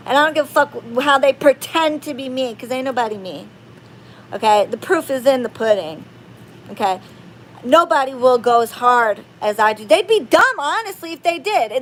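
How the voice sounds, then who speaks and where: A woman who works as a witch and spiritual reader, venting in a vlog in a blunt, profane, emphatic way and keeping on asking "okay?". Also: sits high.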